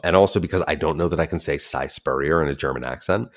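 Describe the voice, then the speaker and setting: A man's voice: very deep voice, racing. A man hosting a podcast in a casual chat, playful and theatrical, speaking with effusive, dramatic flair. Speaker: podcast host.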